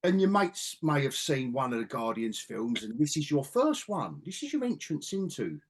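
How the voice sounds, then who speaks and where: A man hosting a casual podcast chat, animated and joking, swearing freely. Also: medium pitch, moderate pace, a little hiss or hum. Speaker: podcast host.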